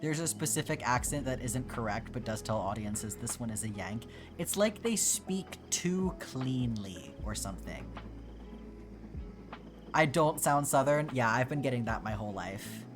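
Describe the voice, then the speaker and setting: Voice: mid-range voice, expressive, unhurried. A streamer from Georgia chatting casually and answering live chat, talking through thoughts with many fillers and restarts. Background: background music.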